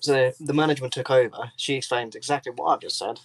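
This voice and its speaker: A man's voice: mid-range voice, fast, no echo, rough recording. A man co-hosting a podcast, telling workplace stories in casual chat and swearing freely. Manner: swears freely, animated storytelling. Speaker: podcast co-host.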